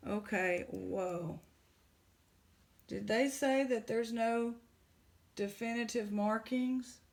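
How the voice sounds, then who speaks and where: A woman, casually chatting in a jewelry vlog, excited and exclaiming in shock. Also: mid-range voice. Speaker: jewelry unboxing vlogger.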